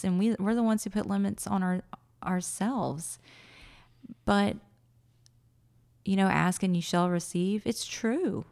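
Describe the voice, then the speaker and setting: Gravelly-voiced woman telling her story. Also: medium pitch, slow pace, long pauses. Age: late 30s. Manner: animated, acts out her own quoted thoughts. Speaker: guest. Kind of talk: casual interview storytelling.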